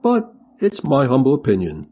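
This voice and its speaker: A man giving an opinionated commentary in a measured way. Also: mid-range voice, huge pitch swings, background noise. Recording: dull lo-fi sound.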